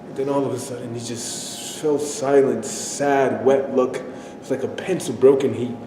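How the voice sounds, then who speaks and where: A man performing a dramatic stage monologue, speaking haltingly and repeating himself as he recounts a disturbing memory. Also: fairly even intonation, warm tone, natural voice. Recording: echoey hall, faint rumble.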